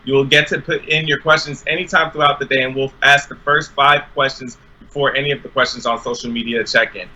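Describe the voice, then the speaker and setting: Bright-voiced young male co-host. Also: medium pitch, fairly even intonation, a little fast, hardly any pauses, muffled recording. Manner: upbeat, promotional delivery. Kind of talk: live-stream chat.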